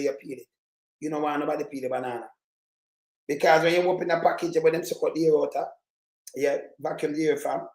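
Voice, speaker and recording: Jamaican man ranting in echoey room. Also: a little high. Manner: animated, rambling, emphatic. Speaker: commentator. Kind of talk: casual commentary in patois.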